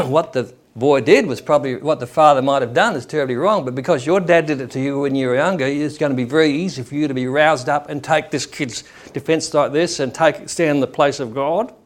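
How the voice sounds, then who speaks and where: A man's voice: on the high side, a little fast, few pauses. A man preaching a sermon in a conversational way, acting out the people he quotes.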